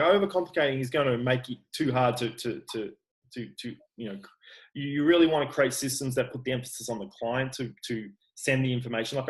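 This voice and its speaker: On a rough recording, a man with a slightly high voice speaks as a guest in a laid-back interview. He's an Australian online personal trainer, candid and sincere, who frequently starts his sentences over.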